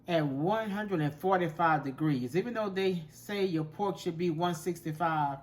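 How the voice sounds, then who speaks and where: A man hosts a home cooking show, chatting in a folksy way while he works. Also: fairly high pitch. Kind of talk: casual cooking demonstration.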